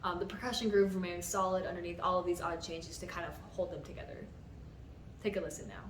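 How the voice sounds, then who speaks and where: A woman's voice: on the low side, steady tone, fast, background noise. A young woman composer explaining the theory behind her own piece in a patient, methodical way, sometimes counting beats aloud. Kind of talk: explanatory music-theory talk. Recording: roomy sound from a distant mic, music underneath.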